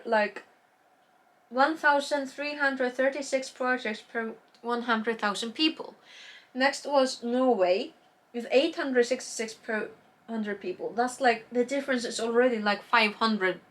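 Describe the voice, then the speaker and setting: A woman's voice: on the high side, fairly bright tone. A woman chatting casually about knitting projects, rambling, losing her words and trailing off with fillers. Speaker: knitting vlogger.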